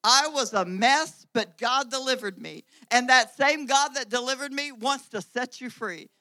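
A woman's voice: high-pitched, measured pace, sharp tone, no echo, low-quality recording. A woman preacher giving a sermon, driving points home with repeated phrases and rising volume.

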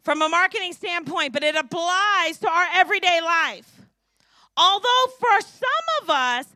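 A woman in her fifties from St. Louis preaching a sermon, lively and joking, often asking the crowd questions. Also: very high voice, no room sound, clean studio sound. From St. Louis, USA. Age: 50s. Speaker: preacher and kindergarten teacher.

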